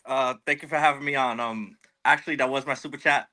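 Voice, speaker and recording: A man's voice: mid-range voice, fairly even intonation, fast talker, sharp tone. A man calling in to a sports show, speaking in an easygoing, earnest way. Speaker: caller. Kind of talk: casual fan call-in.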